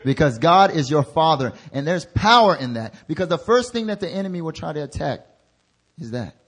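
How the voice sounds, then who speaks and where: A young man preaching a sermon as an intern pastor. He drops into soft, low asides, then rises into loud exhortations. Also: sing-song, fairly quick, husky.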